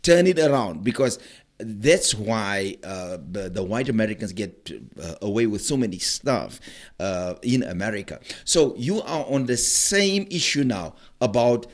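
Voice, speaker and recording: Hesitant podcast host. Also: male voice, on the low side, sing-song, a little slow. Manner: hesitant, many filler sounds. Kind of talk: interview podcast.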